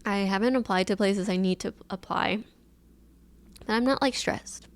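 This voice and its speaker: A woman's voice: medium pitch, moderate pace, creaky. A young woman in her twenties hosting a casual solo podcast, telling a personal story in a chatty, emotional way with lots of fillers, recorded on a camera mic. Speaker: podcast host.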